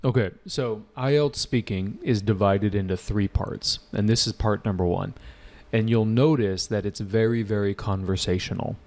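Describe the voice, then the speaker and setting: A male English test-prep teacher with a lower, emphatic voice runs a live online lesson at a normal speed. He's energetic, repeats points for emphasis and puts questions to his students.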